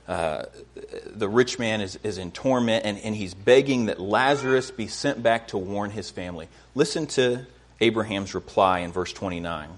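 A man preaching a sermon in an earnest way, often repeating words as he starts a phrase and rising in pitch to stress a point.

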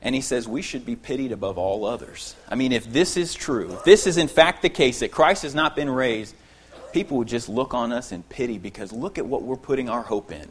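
A man preaching an expository sermon to his congregation, earnest and emphatic, repeating key phrases and dropping to quiet asides. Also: mid-range voice, lively intonation, brisk.

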